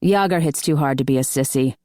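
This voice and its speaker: Lady narrator doing a low blunt hockey guy, easygoing, dry close sound. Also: fairly quick, warm tone, no room sound. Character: rough-talking male hockey player, joking.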